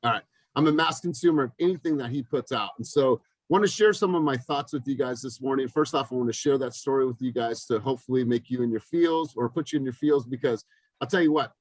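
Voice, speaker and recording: A man's voice: medium pitch, fast, dry recording, poor audio. Upbeat male coach on a dry call. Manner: energetic storytelling with lively acted-out quotes. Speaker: business coach. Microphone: video call.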